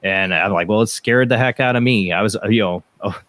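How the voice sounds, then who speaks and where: A man's voice: lowish voice, brisk, a bit bright, no room sound. A man hosting a paranormal radio show, telling stories in casual rambling chat with many restarts. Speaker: podcast host.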